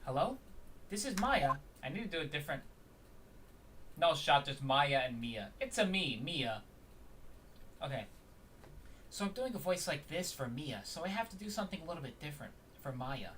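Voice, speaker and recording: A man's voice: a little high, animated, a little fast, far from the mic, slight background noise. A man chatting casually while streaming a story game, rambling with plenty of ums and the odd curse. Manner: rambling, lots of ums and swearing. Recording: loud game music, voice off-mic.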